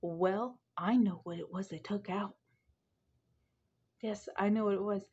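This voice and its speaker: A woman's voice: medium pitch, fairly even intonation, unhurried, a little mellow, slightly rough. A woman, chatting casually and rambling to her viewers from home. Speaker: vlogger. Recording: slightly muffled home recording.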